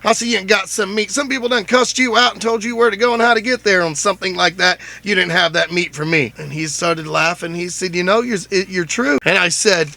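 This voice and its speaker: A man tells a story on his own show in a loose, rambling way, full of jokes and retold talk. His voice sits high and bright, with a gravelly edge. The sound is close and dry. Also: brisk, few pauses. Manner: chatty, rambling, jokey retelling with many "I said". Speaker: podcast host. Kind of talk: casual storytelling monologue.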